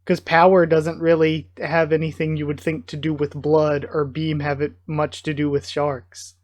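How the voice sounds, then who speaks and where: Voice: medium pitch, flat delivery, moderate pace, hardly any pauses, no room sound, studio quality. A YouTuber reading a manga aloud and chatting about it, wondering aloud with frequent ums. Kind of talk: casual comic readthrough with commentary.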